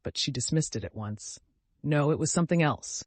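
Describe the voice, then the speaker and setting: Expressive male audiobook narrator. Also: a little high, moderate pace, no echo. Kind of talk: scripted narration.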